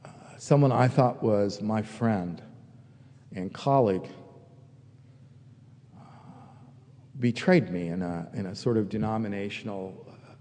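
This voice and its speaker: A man preaching a sermon as pastor, reflective and quietly confessional, rising to emphatic peaks. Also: fairly low pitch, unhurried, pauses often, long reverb tail.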